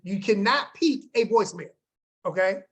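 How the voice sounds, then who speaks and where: A man's voice: sits high, lively intonation, moderate pace, a bit bright. A man coaching his team on a group video call, upbeat and slangy, talking straight to the group and checking in with them often.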